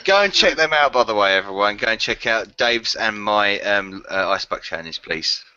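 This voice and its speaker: A man's voice: lowish voice, moderate pace, smooth. A man co-hosting a live stream, talking in a loose, laughing way over dull lo-fi online call audio. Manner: lively, laughing, loose plugs. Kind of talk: casual live stream chat.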